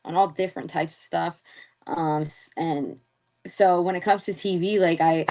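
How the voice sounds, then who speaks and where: A woman's voice: lowish voice, steady tone, normal speed, warm tone. A young woman chatting loosely as an interview guest, laughing often and swearing freely. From Philadelphia area. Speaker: interview guest, former wrestler. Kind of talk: casual chat.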